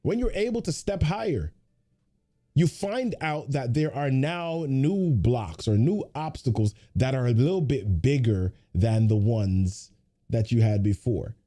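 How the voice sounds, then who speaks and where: A man's voice: mid-range voice, expressive, unhurried, mellow. A man hosting a weekly motivational livestream, giving a pep talk full of repeated rhetorical questions and chatty greetings to viewers.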